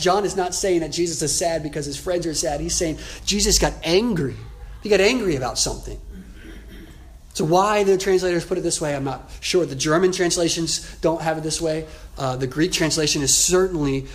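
Man preaching a sermon, slightly high voice. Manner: explanatory, conversational preaching with self-corrections. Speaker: pastor.

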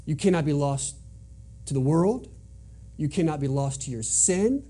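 A man's voice: fairly high pitch, lively intonation, a little slow, mellow, breathy edge, soft background music. A man preaching a sermon in an earnest, emphatic way, driving points home by repeating them. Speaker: pastor.

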